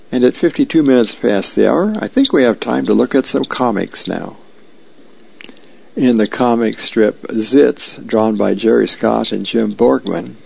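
A man on the radio reading comic strips aloud, calmly describing each frame. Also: on the low side, gravelly. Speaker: radio reader. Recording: dry, slightly dull lo-fi sound.

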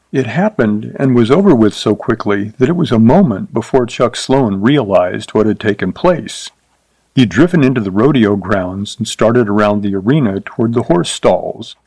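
A man narrating a short story in a measured, even reading voice. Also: lowish voice, no room sound.

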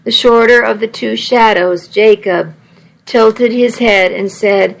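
A woman's voice: a little high, steady tone, slow, creaky, poor audio. A woman reading a first-person story aloud in a wry, conversational way. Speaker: audiobook narrator.

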